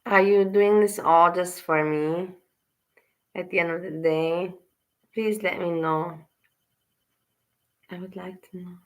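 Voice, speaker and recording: A woman's voice: on the low side, fairly even intonation, takes it slowly, pauses often. A woman commenting on a stream she is watching, talking in an exasperated, scolding way and swearing often. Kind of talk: casual reaction commentary.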